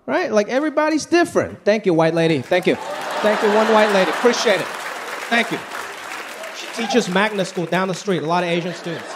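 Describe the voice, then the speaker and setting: An expressive man whose voice sits high talks a little fast during a stand-up set in a large theater. His conversational style is punchy and packed with exaggerated impressions. The background is noisy, with the loud live audience laughing and applauding.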